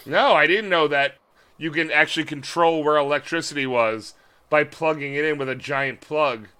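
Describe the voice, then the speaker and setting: A man's voice: a little high, normal speed, sharp tone, smooth. A man co-hosting a podcast, bantering casually and playfully stubborn in his jokes. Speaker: podcast co-host.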